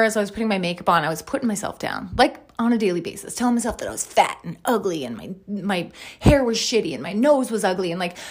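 A woman in her thirties hosting a podcast as a wellness coach, talking candidly and emphatically about her own life and swearing often. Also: mid-range voice. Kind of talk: candid personal monologue.

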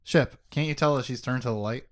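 A man with a mid-range voice talks briskly while co-hosting a casual podcast. Rambling and self-mocking, he swears freely as he recaps the story of a book.

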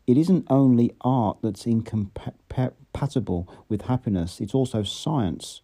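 A man's voice: medium pitch, expressive, normal speed, warm tone. A man voicing a dry, sarcastic, world-weary middle-aged ruler in an audiobook reading. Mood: measured.

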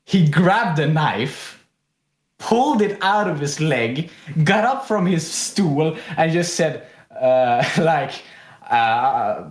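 A man's voice: on the high side, slow. A young man from Sweden co-hosting a casual podcast, telling rambling stories with lots of laughter. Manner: rambling, animated, laughs often. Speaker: podcast co-host. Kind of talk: casual chat, storytelling. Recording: echoey room.

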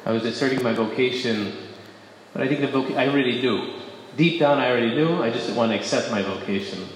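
Man, faith testimony to an audience, conversational and self-correcting, emphatic bursts, middle pitch, big echoey hall, long reverb. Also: fast, a little hiss or hum. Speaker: speaker giving a faith testimony. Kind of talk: personal testimony talk.

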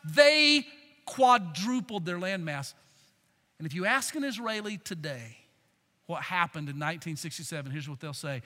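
A male pastor delivers a sermon with a high, ringing, very bright voice. He is emphatic and calls the crowd to shout back. A long hall reverb trails his words. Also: expressive, normal speed. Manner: emphatic, calls for congregation response.

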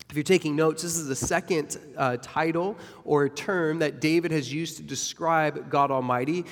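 A man preaching a sermon with emphatic delivery and rhetorical questions to the congregation. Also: fairly high pitch. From United States. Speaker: pastor. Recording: long hall reverb.

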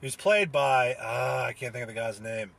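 A man's voice: medium pitch, moderate pace, vocal fry, a bit bright, breathy edge. A young man chatting casually, rambling with lots of fillers and restarts, laughing and swearing as he recounts things. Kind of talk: casual solo chat recounting a comedy show.

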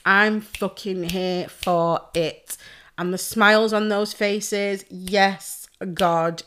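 A woman's voice: medium pitch, fairly even intonation, extremely slow, a bit bright, smooth. A woman, a pole dance instructor, talking on a podcast in a heartfelt, effusive way and swearing freely. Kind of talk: casual podcast chat.

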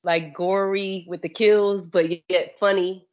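A middle-aged woman from Philadelphia, a guest in a casual chat, teasing with loud exclamations. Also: medium pitch, little pitch movement, takes it slowly, dull audio.

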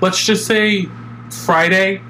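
A young man with a notably high voice tells a story on his podcast, cursing freely and sounding animated and exasperated. His voice carries a clear room echo. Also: takes it slowly, a little hiss or hum. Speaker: podcast host. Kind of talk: casual storytelling. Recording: echoey room.

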